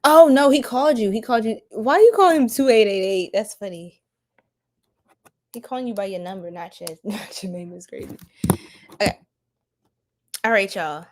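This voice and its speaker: A woman's voice: medium pitch, moderate pace, pauses often. A young woman doing a casual livestream tarot reading, giggling often and talking in loose slang to her viewers.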